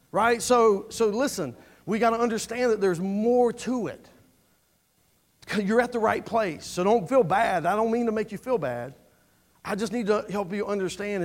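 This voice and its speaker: A man preaching a sermon in a church, speaking earnestly and conversationally, often repeating words as he goes. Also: on the high side. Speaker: pastor.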